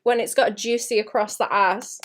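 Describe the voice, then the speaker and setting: A young woman chatting casually to her stream as she draws, muttering to herself and often clearing her throat. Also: mid-range voice, fairly even intonation, moderate pace. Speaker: artist livestreaming. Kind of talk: casual streaming chat while drawing.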